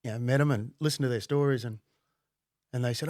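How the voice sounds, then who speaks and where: A middle-aged man, a podcast guest telling his story bluntly, with plenty of swearing and halting fillers. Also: medium pitch, steady tone, a little mellow, no echo, studio quality. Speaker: podcast guest, former undercover cop. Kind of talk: casual conversational storytelling.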